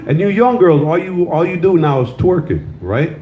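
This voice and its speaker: His voice is on the high side, with lively intonation at a normal speed. The older comedian tells crude stories and banters with the crowd in a loose comedy-club set, captured in roomy, slightly dull live sound.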